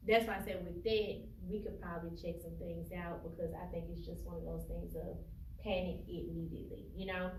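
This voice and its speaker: Measured woman talk show host. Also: lowish voice, level tone. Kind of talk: casual talk show chat. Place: TV studio. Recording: echoey studio, mic at a distance, faint noise.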